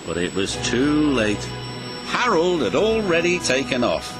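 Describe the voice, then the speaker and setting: A man narrating a children's storybook in an expressive, sing-song way. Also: mid-range voice, a little slow. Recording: music behind the voice.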